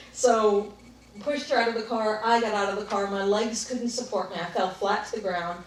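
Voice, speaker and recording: A woman speaker telling a personal story to an audience, reflective and at times animated. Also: medium pitch, brisk. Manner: reflective, animated in parts, laughs while telling. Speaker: workshop speaker. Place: large room with a live audience. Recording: echoey room, picked up from a distance.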